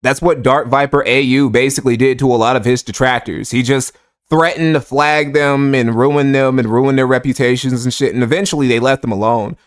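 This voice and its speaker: A man's voice: medium pitch, steady tone, brisk. A man giving sarcastic, profane, rambling commentary on a livestream while reading donations. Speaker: streamer reacting to clips.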